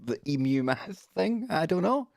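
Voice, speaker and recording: A man's voice: fairly high pitch, very animated, measured pace, gravelly, a little mellow, no room sound, studio quality. A man hosting a casual live stream, chatty and jokey, giggling as he reads out news. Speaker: radio show host.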